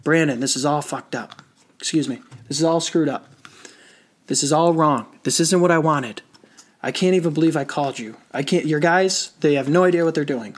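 A man's voice: on the high side, normal speed, lightly acted. A man playing a frustrated male client who complains angrily about a landscaping job. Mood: angry complaining. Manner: complaining, accusing.

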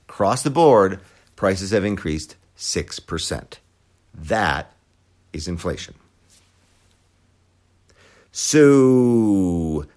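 A man hosting a podcast, giving sarcastic, profane commentary. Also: on the low side. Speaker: podcast host. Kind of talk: opinionated commentary.

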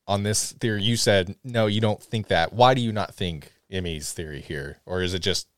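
A man from Tennessee with a Tennessee accent, co-hosting a podcast in a casual, teasing, animated way. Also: deep voice, moderate pace, no echo, studio quality. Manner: animated, teasing, laughs often. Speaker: podcast co-host.

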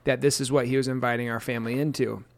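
A man's voice: mid-range voice, level tone, fast, gravelly, a little hiss or hum. A man in his thirties co-hosting a casual scripture chat, telling stories about his marriage with self-deprecating humor and playful quoted voices. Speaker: pastor and co-host.

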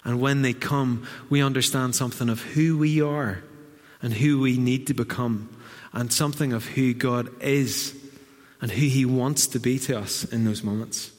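A man from Northern Ireland with a Northern Irish accent preaching a sermon in a church, lively and humorous, with asides to the congregation. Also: medium pitch, moderate pace. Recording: long church hall reverb.

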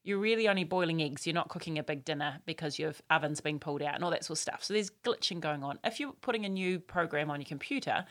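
A woman talks through an idea in an animated, chatty way. She laughs easily and slips into quick acted-out quotes as she explains. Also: low-pitched. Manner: lively, laughs often, acts out quotes. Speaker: parenting expert guest. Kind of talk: explanatory chat.

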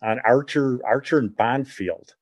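A man's voice: mid-range voice, unhurried, close to an everyday voice. A man acting out a hotheaded neighborhood boy who talks in a sulky, blustering way within a spoken story. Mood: grudging.

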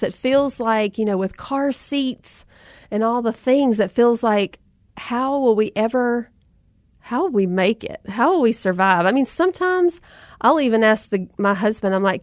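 A woman in her thirties hosts her own podcast, spinning a casual, self-deprecating story straight to her listeners. Her voice sits on the higher side and is captured dry and close, with no room sound around it. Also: expressive, measured pace, no echo. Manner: chatty, self-deprecating, addresses listeners as mamas. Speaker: podcast host.

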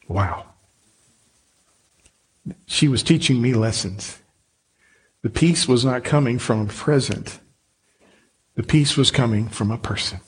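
A man preaching a Christmas sermon in a church, speaking earnestly and gently, then leading the congregation in prayer. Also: mid-range voice, a little slow, long pauses, music in the background. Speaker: pastor.

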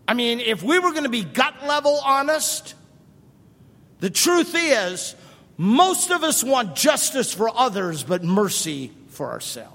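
A middle-aged man preaching a sermon as pastor, animated and emphatic, firing off rhetorical questions and repeating for emphasis. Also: very high-pitched, slow pace. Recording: long reverb of a large hall.

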